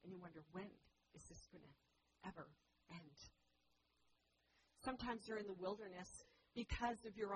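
A woman's voice: fairly high pitch, noisy background. A middle-aged woman preaching a sermon in a church, sharing personal stories in an earnest, reflective way. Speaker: pastor.

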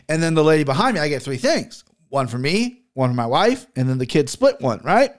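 A young man chatting on his own podcast in a loose, profane, joking way. His voice sits a bit high for a man, and he rambles through stories and betting picks. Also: sing-song, brisk, few pauses. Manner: loose, profane, jokey storytelling. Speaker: podcast host and sports betting picker. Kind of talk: casual solo podcast chat.

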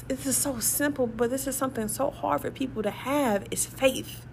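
A woman giving a casual, excitable Bible study talk, emphatic and conversational, who piles up rhetorical questions. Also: on the high side, moderate pace, gravelly, few pauses, slight background noise. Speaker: Bible teacher.

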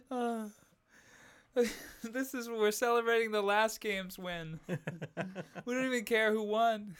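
A man's voice: very high-pitched, drawn-out words, long pauses, fairly bright tone, clear, resonant tone. A man co-hosting a podcast in casual chat, rambling and breaking into laughter, with the hiccups. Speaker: podcast co-host.

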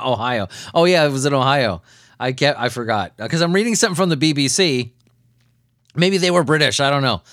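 A man's voice: a little high, a bit bright, no room sound, clean studio sound. A man hosting a comedy news podcast, riffing on stories in a loose, profane, rambling way with frequent chuckles. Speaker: podcast host.

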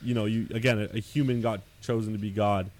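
A man's voice: lowish voice, fairly even intonation, quick pace, a little mellow. A man co-hosting a podcast in casual chat, rambling with many fillers and restarts. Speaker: podcast co-host.

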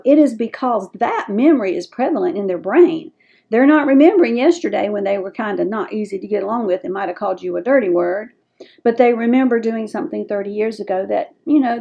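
A woman's voice: mid-range voice, vocal fry, warm tone. A middle-aged woman with a Southern US accent gives folksy, direct advice to caregivers as a dementia care educator.

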